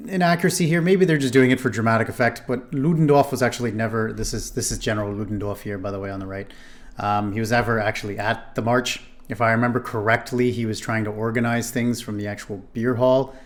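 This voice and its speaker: Man, reaction video host, casual commentary, rambling with fillers and restarts, lowish voice. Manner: rambling, self-correcting, many fillers.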